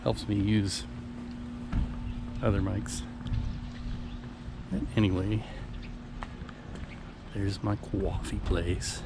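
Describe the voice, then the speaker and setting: A man's voice: lowish voice, fairly even intonation, drawn-out words, long pauses. Man rambling through a noisy outdoor vlog. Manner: rambling, offhand running commentary. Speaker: vlogger. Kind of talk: casual walking vlog. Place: outdoors, walking around town and by a flooded river. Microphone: small handheld external mic. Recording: noisy outdoor phone-style recording.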